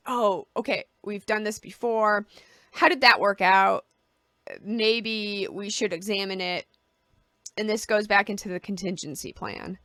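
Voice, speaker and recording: A woman's voice: medium pitch, pushed and bright, dry recording, studio quality. A woman vlogger talking casually to camera, giving personal advice and explaining with homely analogies.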